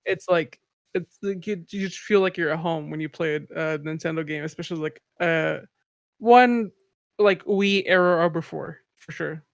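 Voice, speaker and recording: A man's voice: on the high side, moderate pace, creaky, no echo, clean studio sound. A man chatting easily on a podcast panel, laughing often. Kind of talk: casual chat.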